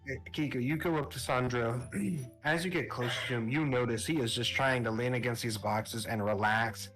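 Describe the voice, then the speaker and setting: A man's voice: medium pitch, fairly even intonation, moderate pace, a bit bright, faint music behind, rough recording. A man narrating a tabletop game as game master, loose and casual.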